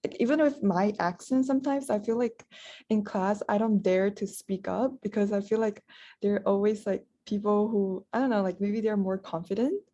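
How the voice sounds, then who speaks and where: Mellow-voiced young woman podcast host. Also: mid-range voice, moderate pace, highs cut off. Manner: casual, filler-heavy with many "like"s. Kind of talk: casual podcast chat.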